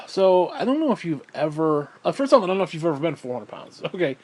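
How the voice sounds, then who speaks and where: Profane, rambling man with a higher voice. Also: sing-song, a little fast. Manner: profane, rambling, frequent sighs. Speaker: vlogger. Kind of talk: casual storytelling rant. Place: at home, indoors.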